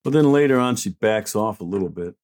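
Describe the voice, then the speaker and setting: A man's voice: on the low side, lively intonation, a little fast, a little mellow. A middle-aged man hosting an opinion show, reading out news and answering it in a blunt, indignant, sarcastic way. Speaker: host. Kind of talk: opinion commentary.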